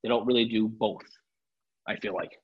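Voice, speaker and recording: A man's voice: fairly low pitch, steady tone, normal speed, slightly rough, dull audio. A man, a tailor chatting casually on a podcast, rambling and restarting his sentences.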